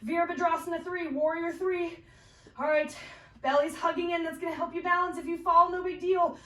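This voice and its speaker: Her pitch is extremely high and her delivery flat, brisk, pushed and bright as this woman guides a yoga class. She calls out poses and breaths with encouragement while doing the practice herself, a bit winded. Heard from afar, she echoes through a roomy space.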